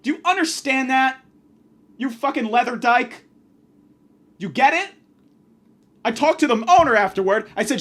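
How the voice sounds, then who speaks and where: A man's voice: very high-pitched, animated, normal speed, pauses often, a bit bright. A man hosting a podcast, delivering a profane, sarcastic comedic rant. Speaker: podcast host.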